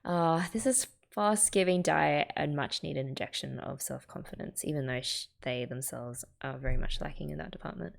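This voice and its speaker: An Australian woman sharing her thoughts on a comic as she reads it, in a chatty, casual tone full of ums. Her voice is low and gravelly with plenty of fry. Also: sing-song, moderate pace, hardly any pauses. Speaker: host reading a manga and reacting. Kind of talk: casual read-along commentary.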